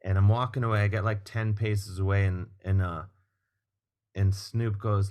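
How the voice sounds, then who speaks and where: Low-voiced man telling animated stories. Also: moderate pace. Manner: animated, swears, acts out quoted people. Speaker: guest comedian and musician. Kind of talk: casual storytelling chat.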